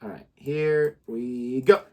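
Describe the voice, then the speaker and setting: A man's voice: medium pitch, slow pace, muffled recording. A man hosting a casual music reaction chat, chatty and opinionated as he sets up the song. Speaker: reaction channel host.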